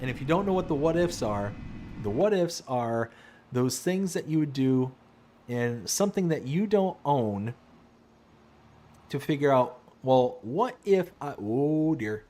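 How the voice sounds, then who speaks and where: A man's voice: mid-range voice, measured pace, long pauses. A man live-streaming a farming game, chatting casually with his viewers, often laughing and answering their messages. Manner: animated, laughs often, talks to chat. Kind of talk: casual live-stream chat while playing.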